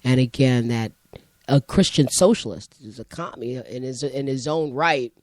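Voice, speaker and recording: A woman who works as a high school teacher, chatting and telling a classroom story in a rambling way and acting out the voices in her quotes. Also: moderate pace, a little mellow, dry recording. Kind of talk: conversational storytelling.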